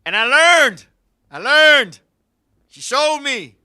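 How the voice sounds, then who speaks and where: A man telling a crude comic story, animated and profane, jumping between loud bursts and quiet asides. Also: very high-pitched, slow pace. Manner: profane, repeatedly addresses a listener by name.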